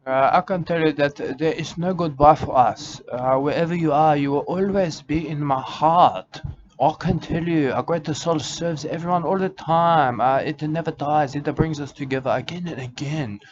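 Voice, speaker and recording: A man with a somewhat high, everyday-sounding voice at normal speed plays an eccentric self-styled wildlife warrior in an absurd comic monologue, rambling with melancholy. He stumbles through broken grammar, full of "uh", repeatedly saying "I can tell you" and tacking on "mate". The lo-fi recording is dull, with clear background noise.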